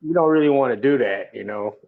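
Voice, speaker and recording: A man's voice: mid-range voice, brisk. Streetwise man on a lo-fi line. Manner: relaxed, streetwise, swears freely. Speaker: podcast guest, truck driver. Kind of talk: casual chat. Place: on the road, remote call.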